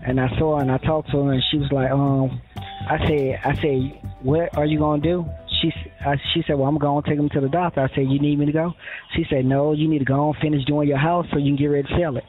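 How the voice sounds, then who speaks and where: A man's voice: fairly high pitch, level tone, quick pace. A man telling his story in a rambling way, quoting other people, with many fillers and restarts, in a phone interview. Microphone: phone line. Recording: tinny phone line with faint music.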